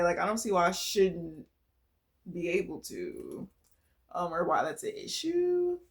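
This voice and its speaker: A woman giving a casual collective tarot reading, talking bluntly and swearing freely. She laughs often and moves between quiet musing and loud, emphatic bursts. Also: fairly low pitch, wildly swooping pitch, unhurried. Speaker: tarot reader.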